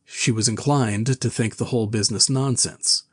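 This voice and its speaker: A man reading a classic novel aloud with measured, even storytelling. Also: mid-range voice, husky, no echo. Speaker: narrator. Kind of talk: scripted narration of a classic novel.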